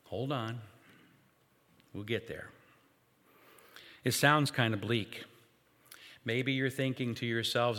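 A man preaching a sermon, speaking in measured phrases with pauses and rhetorical questions to his congregation. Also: mid-range voice, fairly bright tone. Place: church sanctuary. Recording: echoey church hall with long reverb.

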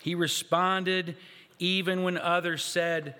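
A man preaching a sermon, speaking in measured phrases with pauses and rhetorical questions to his congregation. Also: a little high, expressive, sharp tone. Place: church sanctuary. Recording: echoey church hall with long reverb.

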